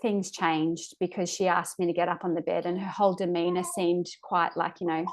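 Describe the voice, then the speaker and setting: A woman, a podcast guest, recounts a personal birth story in a halting way, searching for words and restarting her sentences, sounding close to tears at times. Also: on the low side, level tone.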